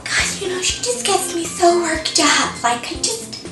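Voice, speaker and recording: A woman doing a chirpy, high mom. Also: sing-song, measured pace, far from the mic, full character voice. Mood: chatty. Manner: rambling, folksy, chirpy with sudden shrill outbursts. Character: daffy chatty middle-aged Minnesota mom. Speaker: comic character monologue. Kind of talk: comedy sketch monologue. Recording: echoey room, voice off-mic, music behind.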